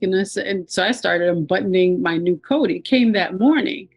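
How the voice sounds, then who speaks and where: A woman's voice: medium pitch, normal speed, breathy edge, no echo, rough recording. A woman recounting her near-death experience in a reflective, personal storytelling manner. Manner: reflective, quotes herself and others with raised voice.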